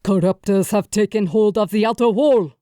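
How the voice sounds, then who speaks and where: A woman's voice: medium pitch, normal speed, dark tone, no echo, clean studio sound, lightly acted. A woman reading an audiobook, voicing a tall, muscular jackal-headed male god with a strong African accent and clipped, bouncing consonants. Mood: stern warning.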